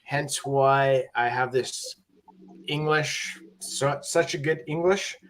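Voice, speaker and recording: A man's voice: mid-range voice, slow pace, a bit bright, slight background noise. A man from Ontario with a Canadian accent, chatting casually on a live stream with a rambling, laughing delivery. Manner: rambling, laughing, many fillers. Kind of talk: casual chat.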